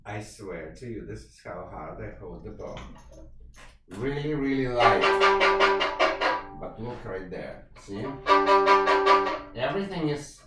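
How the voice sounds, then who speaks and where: A man teaching a one-on-one violin lesson, direct and demanding, giving quick commands between a student's playing. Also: lowish voice, lively intonation, over loud music. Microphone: far camera. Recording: echoey room from far off, loud violin.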